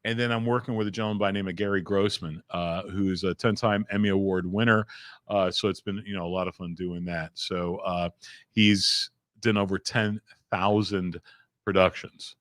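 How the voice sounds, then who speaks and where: A middle-aged man, a comedian guest telling energetic stories in a small studio, laughing and swearing casually. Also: deep voice, moderate pace, dry recording. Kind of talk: animated storytelling chat.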